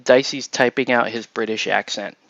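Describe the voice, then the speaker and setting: A man's voice: mid-range voice, steady tone, normal speed, gravelly, a bit bright, no room sound, lo-fi sound. A man hosting a casual chat while assembling miniatures, rambling and chuckling as he trails off and restarts. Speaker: host.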